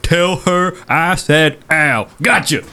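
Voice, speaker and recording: A man voicing a simple-minded, good-natured male giant who talks slowly in broken grammar. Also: a little high, sharp tone, smooth, pitched above the performer's own voice, exaggerated voice. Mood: cheerful. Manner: slow, broken caveman grammar.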